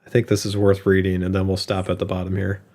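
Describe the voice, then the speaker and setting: A man in his forties co-hosts a relaxed conversation. His voice sits on the low side, and he walks through charts at an easy, conversational pace, dropping frequent ums and uhs along the way. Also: quick pace. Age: 40s. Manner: conversational, reads and comments on charts with fillers. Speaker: co-host. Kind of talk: casual chat.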